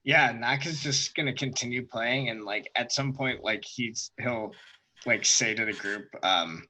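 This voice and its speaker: A man playing a tabletop game, explaining his character's actions haltingly with fillers. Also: medium pitch, pushed and bright, low-quality recording. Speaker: player. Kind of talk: casual tabletop play.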